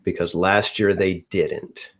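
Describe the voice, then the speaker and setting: Deep-voiced man chatting casually. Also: level tone, slow pace. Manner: rambling, hedging with many restarts. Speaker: podcast co-host. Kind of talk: casual chat.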